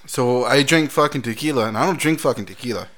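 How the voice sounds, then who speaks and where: A man's voice: medium pitch, fast, fairly bright tone. A man hosting a crude casual podcast, swearing freely and reading out odd news stories. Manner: profane, laughing, reads out news stories. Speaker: podcast host.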